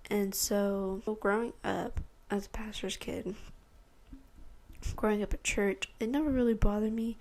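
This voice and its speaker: A teenage girl from Texas, USA, hosts a podcast, speaking at a measured pace with a medium-pitched, darkish voice and fairly even intonation. She tells a rambling personal testimony, acting out her lines alongside what others said.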